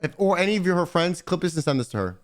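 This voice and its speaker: Young streamer guy, slangy and sweary, voice bouncing way up and down, sits kinda high. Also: racing. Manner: slangy, swears often, animated rants. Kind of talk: casual chat to stream chat.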